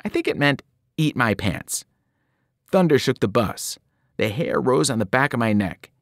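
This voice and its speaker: A man reading a novel aloud to students, telling the story in a lively way and breaking into sudden voiced cries. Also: mid-range voice, moderate pace, no room sound, studio quality. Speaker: reader.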